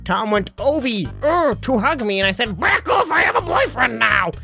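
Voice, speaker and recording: A man voicing Skeletor, a skull-faced male cartoon villain sorcerer, reading in a flat, hammy way. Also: extremely high pitch, normal speed, gravelly, faint music behind, pitched above the performer's own voice, full character voice. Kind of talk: comedic reading of fan fiction.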